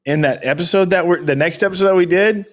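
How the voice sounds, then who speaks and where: A man's voice: sits high, quick pace. A young man co-hosting a casual podcast in a loose, teasing way, throwing in "dude" and "y'all". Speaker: podcast co-host. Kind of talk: casual chat.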